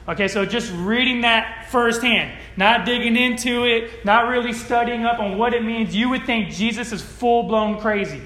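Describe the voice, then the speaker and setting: A male pastor from California delivers a casual sermon with a high, light voice. He keeps it conversational and checks in with his listeners constantly. The room rings with echo around him. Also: normal speed, hardly any pauses, sharp tone. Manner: conversational, tag questions "right?" often. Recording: echoey room.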